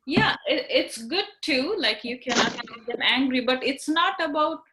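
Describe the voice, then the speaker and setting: A woman's voice: sits high, lively intonation, moderate pace, pushed and bright, rough recording. A woman teaching young children in an online class over a video call, encouraging them with simple words and frequent tag questions.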